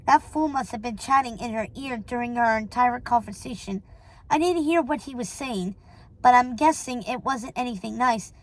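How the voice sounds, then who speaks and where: A woman reading a novel aloud in a steady way, with small stumbles and self-corrections. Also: fairly high pitch, normal speed, no echo, poor audio. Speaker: reader.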